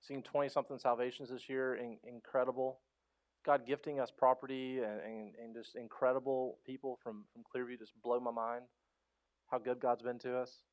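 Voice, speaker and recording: A man's voice: mid-range voice, level tone, normal speed. Passionate pastor man preaching. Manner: passionate, swings from loud pleading to soft. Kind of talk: sermon. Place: church sanctuary.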